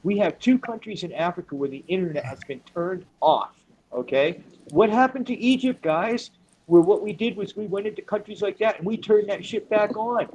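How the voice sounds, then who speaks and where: A man's voice: high-pitched, moderate pace, darkish tone, muffled recording, a little hiss or hum. A man on a panel, talking heatedly and emphatically with a lot of swearing, often repeating words as he goes. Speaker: panel member.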